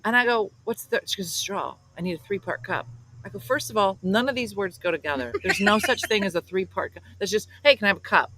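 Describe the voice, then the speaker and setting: A woman's voice: medium pitch, fast, hardly any pauses, background noise. A woman from South Jersey hosting a morning show, telling a story and acting out the voices of the people in it. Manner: animated, acts out quoted voices. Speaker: host. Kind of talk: casual comedic storytelling.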